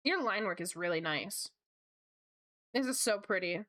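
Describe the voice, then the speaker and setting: A young woman chatting casually as she draws on a livestream, bubbly and gushing with quick asides. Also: mid-range voice, animated, a bit bright. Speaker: streamer. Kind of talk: casual chat while drawing.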